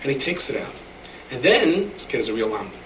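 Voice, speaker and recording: During a storytelling sermon, a man at medium pitch and a fairly quick pace brings quoted characters to life by acting out their voices. Slight background noise accompanies the recording, made from a distance in an echoey room.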